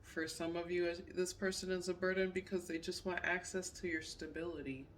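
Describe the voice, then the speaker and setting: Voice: mid-range voice, level tone, fairly quick, recorded from a distance, a little hiss or hum. A tarot reader giving a casual pick-a-card reading, emphatic and repetitive. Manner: repetitive, emphatic, says "period" often.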